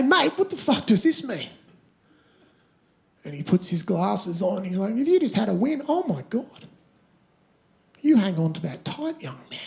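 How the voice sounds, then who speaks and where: A man's voice: sits high, vocal fry, darkish tone, heavily acted. A man playing a crude, brash young Australian bloke on stage, swearing a lot and laughing at his own jokes. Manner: sweary, blustering, breaks to laugh. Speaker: stand-up comedian in character. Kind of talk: stand-up character storytelling. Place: theatre stage.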